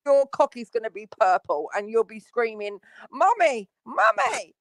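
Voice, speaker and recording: A woman's voice: on the high side, normal speed, darkish tone. An Irish woman trading crude, brash trash talk in a joking livestream panel chat. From Ireland.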